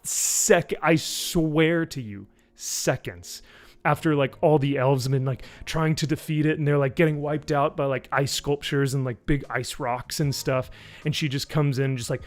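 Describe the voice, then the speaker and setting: Male streamer, mid-pitched, sarcastic rambling recap with swearing, soft music underneath. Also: a little slow. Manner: rambling, sarcastic and profane, with many fillers. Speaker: YouTube reviewer on a live stream. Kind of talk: casual live-stream plot recap.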